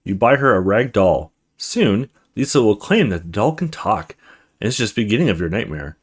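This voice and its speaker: A young man hosting a let's play, reading a visual novel's text aloud with stumbles and quick asides. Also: lowish voice, very animated, husky.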